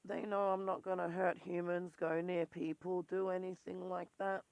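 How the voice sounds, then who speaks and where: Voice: mid-range voice, flat delivery, moderate pace, creaky, darkish tone, no echo. Blunt, swearing Australian in their forties. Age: 40s. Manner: blunt, swears freely, intense and rambling. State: voice worn, turns squeaky when worked up. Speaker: vlogger. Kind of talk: candid personal monologue.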